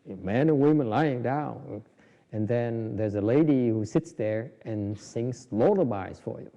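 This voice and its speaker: A man's voice: medium pitch, measured pace, mellow. A man giving an informal, joking dharma talk on meditation, with many restarts. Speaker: Buddhist meditation teacher. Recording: dull lo-fi recording in a reverberant hall.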